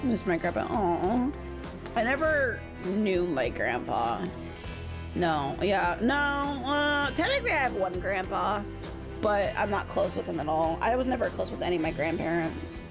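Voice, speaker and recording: Young woman streamer, playful, irreverent, animated pitch, reading a game aloud. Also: measured pace, over music. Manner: playful, irreverent, laughs at herself. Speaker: VTuber streamer. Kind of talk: reading a dating-sim game aloud with commentary.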